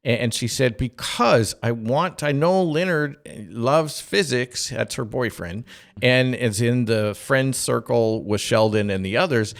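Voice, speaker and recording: A man's voice: mid-range voice, measured pace, creaky. A man co-hosting a parenting podcast, chatting casually and retelling a sitcom scene, acting out the characters' lines. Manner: animated storyteller, acts out quoted lines with a raised voice. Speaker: podcast co-host.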